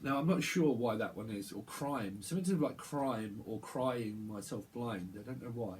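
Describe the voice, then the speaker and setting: A man giving a channeled tarot reading, rambling and halting, often repeating words as he picks up messages. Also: mid-range voice, a little mellow, slight background noise. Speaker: tarot reader.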